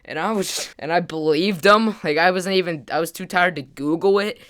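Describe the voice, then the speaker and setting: A high-pitched man with a clear, resonant and somewhat bright voice tells a casual storytime to camera as a gaming vlogger. He rambles with frequent "like" and "kinda" fillers and voices his friends' lines in quick quotes.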